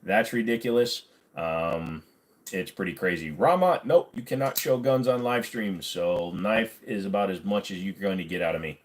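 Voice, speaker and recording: A man's voice: low-pitched, normal speed. A man hosting a casual livestream, reading viewer comments aloud and answering them in a blunt, sarcastic way, swearing freely. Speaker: livestream host.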